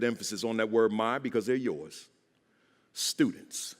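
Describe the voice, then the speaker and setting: A man's voice: medium pitch, normal speed. A man giving a motivational keynote to teachers, with an emphatic, preacher-like delivery and call-and-response. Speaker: keynote speaker, school principal. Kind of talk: motivational speech. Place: large church auditorium. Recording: echoey hall with long reverb.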